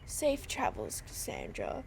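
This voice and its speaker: A woman voicing an ancient, wise tree spirit in a game, speaking in a hushed, solemn way. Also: mid-range voice, wildly swooping pitch, takes it slowly, vocal fry, slight background noise, heavily acted. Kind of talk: reading game dialogue aloud.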